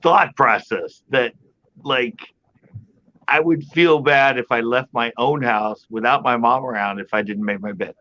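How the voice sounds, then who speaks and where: A man hosting a live online panel, rambling casually as he thinks out loud and chuckling often. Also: mid-range voice, a little slow. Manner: rambling, talks through his thoughts, chuckles often. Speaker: host of a live panel stream. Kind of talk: casual chat. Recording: muffled audio with faint background noise.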